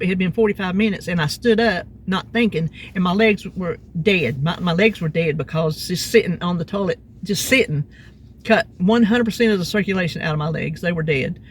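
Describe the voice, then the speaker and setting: A woman's voice: fairly low pitch, a little hiss or hum. A middle-aged woman, telling a rambling story in a casual vlog. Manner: chatty, rambling, animated retelling. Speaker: vlogger. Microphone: phone.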